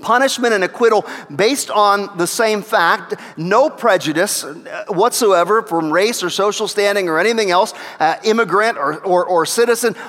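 A man's voice: high-pitched, fairly bright tone. A man preaching a teaching sermon as pastor, talking conversationally and repeating key phrases for emphasis. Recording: long reverb of a large hall.

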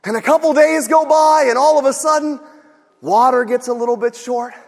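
A man preaches with a strikingly high voice, driving his points home and often rising to shouts. He asks rhetorical questions and answers them himself. His voice rings with the long reverb of a large hall. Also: normal speed. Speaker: pastor. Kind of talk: sermon.

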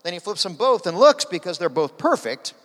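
A man tells a story from the pulpit in a fairly high voice, jumping between quieter narration and louder acted lines. His words ring out with a long reverb from a big hall around him. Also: a little fast. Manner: animated storytelling, acting out quoted voices. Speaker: preacher. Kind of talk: sermon storytelling.

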